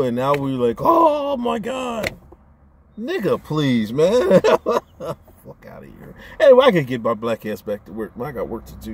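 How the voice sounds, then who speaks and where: A man's voice: medium pitch, slight background noise. A man ranting on his own channel in a casual, profane, rambling way, often stammering as he restarts his sentences. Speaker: vlogger. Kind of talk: casual rant to camera.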